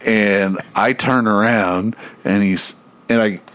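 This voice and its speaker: A man's voice: lowish voice, slow pace, slight background noise. A man telling a story in casual chat, swearing freely and laughing as he goes. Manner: profane, animated, laughs through his own story.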